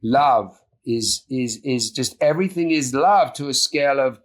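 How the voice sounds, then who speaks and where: Earnest soft-spoken man. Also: mid-range voice, animated, measured pace, few pauses. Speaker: podcast guest. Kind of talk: reflective interview talk.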